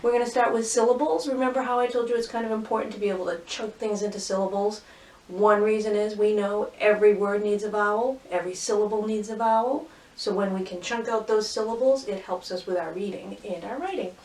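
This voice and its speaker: A woman's voice: medium pitch, steady tone, a little mellow, distant mic. Cheerful woman teaching kids phonics. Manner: cheerful, clearly sounding out words slowly. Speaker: teacher hosting a phonics lesson. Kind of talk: children's phonics lesson. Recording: roomy echo, voice from off mic.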